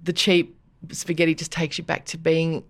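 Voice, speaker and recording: A woman's voice: low voice, normal speed. A middle-aged Australian woman hosting a podcast, chatting casually and laughing often as she acts out other people's lines. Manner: animated, laughs often, acts out quoted voices. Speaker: podcast host. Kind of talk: casual chat reading a listener secret.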